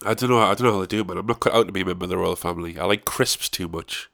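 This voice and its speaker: A man's voice: low voice, rapid-fire, gravelly, a bit bright. A man hosting a podcast, rambling and swearing as he laughs through casual chat. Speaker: podcast host.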